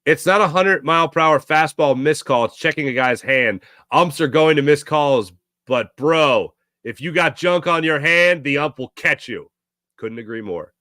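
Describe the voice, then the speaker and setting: A man's voice: fairly high pitch, lively intonation, moderate pace, pushed and bright, no echo, studio quality. A man hosting a sports talk show, ranting sarcastically and casually while reading viewer comments. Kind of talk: casual live-stream chat reading comments.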